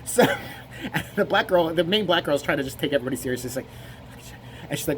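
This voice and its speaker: A man's voice: on the high side, animated, fast talker, pauses often, background noise. A man giving rambling, profane comic commentary on a video. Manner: rambling, profane, laughing asides.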